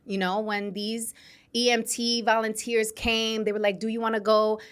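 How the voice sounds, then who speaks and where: Woman host, 30s, from New York City. Animated, conversational, laughs easily. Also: fairly high pitch, moderate pace, clean tone. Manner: chatty and animated, laughs often, addresses listeners directly. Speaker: podcast host. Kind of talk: casual storytelling monologue. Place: studio.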